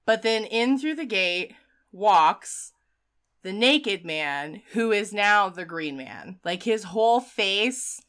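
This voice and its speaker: A woman casually recapping a film, animated, laughing often and acting out the characters. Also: mid-range voice, slow pace, clean tone. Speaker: podcast co-host recapping a film. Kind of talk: casual chat.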